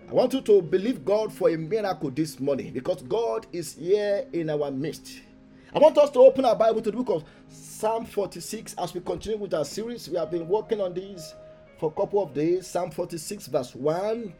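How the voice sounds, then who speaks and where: Brief: high-pitched male pastor, fervent sermon delivery, soft asides rising to loud declarations, faint music underneath. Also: animated, normal speed. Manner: emphatic preaching, swinging between soft asides and loud proclamations; repeats key phrases for emphasis. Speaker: pastor leading a morning prayer meeting.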